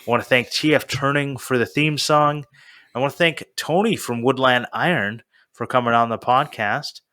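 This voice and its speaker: A male podcast host with a bright, ringing tone in relaxed chat. He rambles, laughs at himself and fills pauses with "uh" and "like". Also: medium pitch, clean tone. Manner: rambling, self-deprecating, with frequent fillers.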